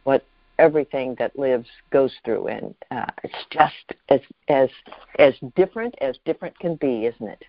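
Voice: mid-range voice, animated, dry recording. Host musing in a dry, kinda muffled recording, stops and restarts a lot. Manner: thoughtful, searching, halting phrasing. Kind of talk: reflective spiritual talk.

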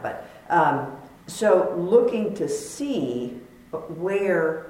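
A low-pitched woman answers a student's spiritual question, playful yet thoughtful, trailing into fillers as she searches for words. Her voice rings through a very echoey hall with a faint hiss underneath. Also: big pitch swings, drawn-out words, darkish tone. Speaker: spiritual teacher. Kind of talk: dharma talk Q&A.

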